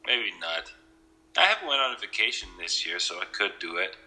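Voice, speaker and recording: A podcast co-host with a low-pitched, sing-song, fairly quick voice, bright and forceful in tone, comes through on a low-quality recording. He has a Canadian accent with a slight Southern drawl, joking with friends in a casual chat and often restarting.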